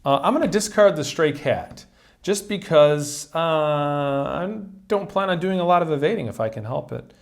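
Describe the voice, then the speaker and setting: A man's voice: fairly high pitch, expressive, moderate pace, vocal fry. A man hosting a solo card game playthrough, chatting casually as he explains the rules step by step. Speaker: solo board game player and host. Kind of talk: casual tabletop game tutorial.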